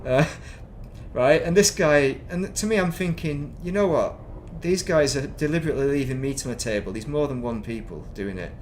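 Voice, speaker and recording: A middle-aged man talks loosely and chattily as he streams a game, wandering from one thought to the next. His pitch sits right in the middle for a man. A faint hum of ambience runs under his voice. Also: normal speed, few pauses. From northern England. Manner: rambling, chatty, self-mocking. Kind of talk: casual chat while streaming gameplay.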